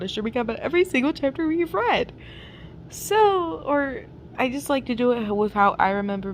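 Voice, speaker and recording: A woman's voice: mid-range voice, vocal fry. A young woman chatting casually and recapping a fan fiction story with lots of fillers and giggles, recorded at home on a camera mic with faint noise. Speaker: fanfic reader and channel host. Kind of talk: casual chat and reading a fanfic aloud.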